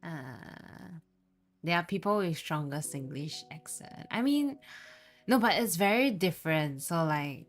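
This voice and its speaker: A young Singaporean woman with a low voice and a Singaporean English accent. She chats with her stream viewers in a relaxed, chatty way, laughing often and switching languages. Soft music plays faintly behind her. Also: measured pace. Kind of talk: casual live-stream chat with viewers.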